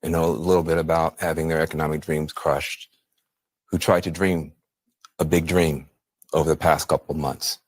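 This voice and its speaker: A man giving solemn, heartfelt commentary on a television broadcast, speaking in an earnest, measured way. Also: a bass voice, little pitch movement, slightly rough. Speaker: TV political commentator.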